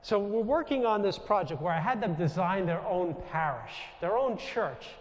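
A man's voice: high voice, animated, normal speed, reverberant, big-room sound. A man with a New York accent, a Jesuit priest giving a conversational storytelling talk to a live audience. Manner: conversational, anecdotal, with self-corrections.

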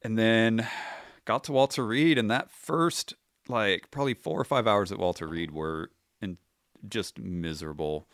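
A man in his thirties tells his story as a podcast guest, casual and wry, swearing freely and slipping into his own past remarks. His voice sits a little low, and the sound is dry and close to the mic. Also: measured pace, fairly bright tone, no echo. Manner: profane, wry, re-enacts his own quotes. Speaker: podcast guest, retired Army sergeant.

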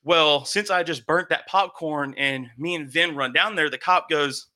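A young man casually telling a long, animated story, swearing and acting out what people said. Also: a little high, moderate pace. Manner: animated, swearing, acts out quotes.

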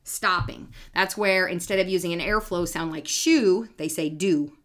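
Lower-voiced woman explaining with a laugh. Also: normal speed, fairly bright tone. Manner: teacherly, checks for understanding, laughs easily. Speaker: podcast co-host; speech language pathologist. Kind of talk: casual explanatory podcast chat.

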